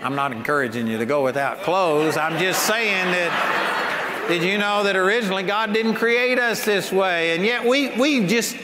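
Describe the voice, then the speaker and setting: A man's voice: sits high, normal speed. An older man preaching a sermon in an emphatic, folksy way, often laughing as he talks. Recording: long hall reverb, faint ambient noise.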